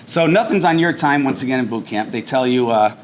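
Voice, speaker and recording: A man's voice: medium pitch, brisk, slight background noise. Man telling a boot camp story. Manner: animated storyteller, acts out shouted drill instructor lines. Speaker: veteran speaker. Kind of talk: personal storytelling speech. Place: banquet hall at a veterans breakfast.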